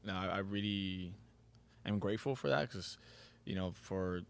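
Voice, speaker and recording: Easygoing young man with lowish voice. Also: normal speed, vocal fry, clean tone. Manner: easygoing, modest, many fillers. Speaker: guest, soccer team captain. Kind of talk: casual interview.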